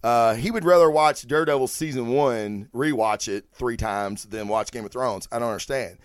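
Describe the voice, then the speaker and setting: On his own podcast, a man rants casually at a moderate pace in a medium-pitched voice, swearing a lot and restarting his sentences. The studio-quality recording has no room sound, and his delivery is profane, animated and rambling.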